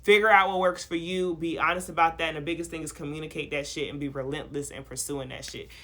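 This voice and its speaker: A woman's voice: deep voice, fairly even intonation, fast talker, fairly bright tone. A woman hosting a casual podcast, talking in an upbeat, playful, slangy way. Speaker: podcast host.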